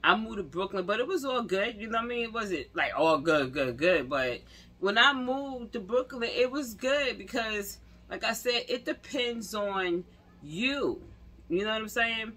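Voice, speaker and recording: Bright-voiced New woman telling stories. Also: fairly high pitch, unhurried. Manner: animated, slangy, laughs and acts out quotes. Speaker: vlogger. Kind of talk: casual storytelling to camera.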